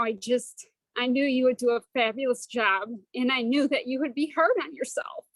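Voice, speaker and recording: Woman, high voice, dry close sound; affectionate, emotional encouragement on a video call. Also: normal speed, few pauses, fairly bright tone, dry recording, poor audio. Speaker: study group participant.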